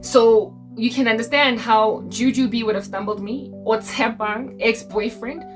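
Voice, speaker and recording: Young south african woman preaching casual, lively and jokey, kinda high voice, soft music under it. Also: a little slow. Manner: animated, code-switching, jokey. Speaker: Christian video creator.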